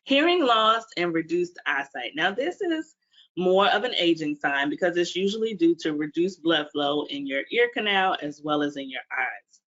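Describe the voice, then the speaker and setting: Her voice is on the low side yet bright and forward, animated, and delivered at a moderate pace as this D.C.-based physical therapist gives a webinar presentation. She repeatedly questions her listeners, and the sound is dull and lo-fi, typical of a webinar stream.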